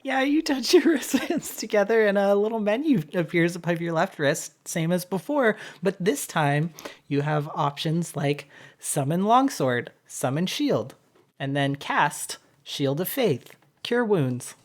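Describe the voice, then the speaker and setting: A man narrating a tabletop game as dungeon master, describing scenes in an unhurried storytelling way. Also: high-pitched, expressive.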